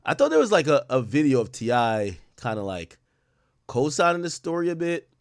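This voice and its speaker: A young adult man hosting a live stream, reacting loudly to gossip with profane, animated commentary and frequent laughter. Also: mid-range voice, normal speed, dry recording, studio quality. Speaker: streamer host.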